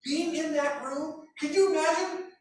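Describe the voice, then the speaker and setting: A man's voice: very high-pitched, measured pace. A man leading a small-group Bible study, reading verses aloud and asking the group questions while acting out the angry king. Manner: animated, asks the group questions, acts out the king. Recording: echoey room recorded from a distance.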